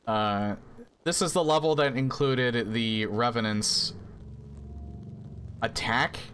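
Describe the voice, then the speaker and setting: A man's voice: medium pitch, slow pace, fairly bright tone, slight background noise. A man streaming a video game, chatting casually as he plays and making dry, sarcastic asides. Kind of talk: casual gameplay commentary.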